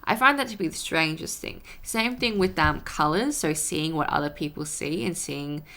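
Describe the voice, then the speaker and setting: A young woman vlogging in a casual, rambling way, breaking into animated acted-out rants. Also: low-pitched, moderate pace. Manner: rambling, animated, acts out her own frustrated rants. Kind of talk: casual talk to camera.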